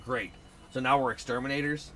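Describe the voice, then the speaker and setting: A man's voice: mid-range voice, fairly even intonation, a little fast, background noise. A man streaming, reading a visual novel aloud with sardonic asides. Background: game music.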